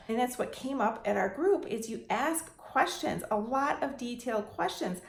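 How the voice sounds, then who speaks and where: A woman from the Detroit area giving casual advice as a landlord vlogger, chatty and animated, acting out phone calls in quoted voices. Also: a little high, brisk. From Detroit area, United States. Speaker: landlord and real estate investor vlogger. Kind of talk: casual talking-head advice vlog. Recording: echoey room.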